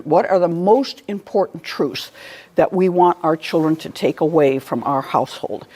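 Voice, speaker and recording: A woman's voice: fairly low pitch, dark tone. A middle-aged woman giving a lecture in a conversational way, telling stories, laughing at her own anecdotes and often asking "all right?". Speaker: speaker giving a talk.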